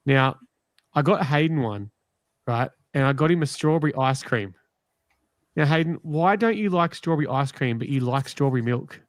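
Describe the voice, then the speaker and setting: Australian male host, mid pitch, ribbing his mates, dry close-mic sound. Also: animated, normal speed, no echo. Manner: teasing, joking with panel. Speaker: podcast host. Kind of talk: casual live-stream chat.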